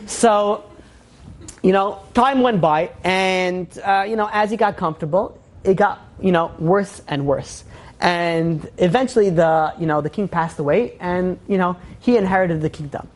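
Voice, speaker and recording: A man's voice: high-pitched, measured pace. Man, rabbi, casual storytelling lecture, loose and chatty. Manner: casual, animated retelling full of "you know".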